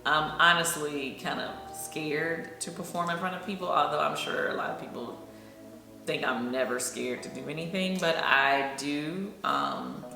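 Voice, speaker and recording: A woman's voice: low-pitched, a little slow, creaky. A middle-aged woman from Atlanta, chatting casually about a singing show and filling her talk with "you know". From Atlanta, Georgia. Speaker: singer and vlogger. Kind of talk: casual behind-the-scenes chat. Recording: echoey room, faint music behind.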